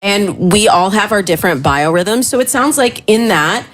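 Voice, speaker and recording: A woman working as a dating coach, giving upbeat and reassuring advice in a lively, quick manner. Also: mid-range voice.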